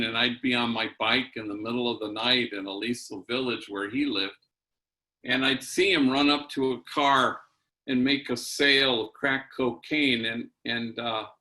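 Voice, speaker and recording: A middle-aged priest tells a story in a keynote address, with a bright, forward tone. He takes his time, pausing on fillers and dropping bits of Spanish slang into his storytelling. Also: mid-range voice. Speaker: priest giving a keynote talk.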